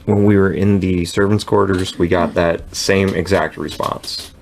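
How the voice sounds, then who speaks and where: A man's voice: low voice, a little slow, vocal fry, a little hiss or hum. An American man hosting a podcast, talking casually and loosely with plenty of fillers. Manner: relaxed, with frequent fillers. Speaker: podcast host. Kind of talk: casual podcast chat reviewing evidence.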